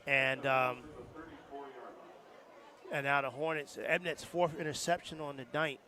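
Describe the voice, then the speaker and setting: A man giving color commentary on a college football game, talking in halting bursts with many restarts. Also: fairly high pitch, bright, forceful tone, some chatter behind. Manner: halting, full of fillers and restarts. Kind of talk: live sports commentary. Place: outdoor stadium press box.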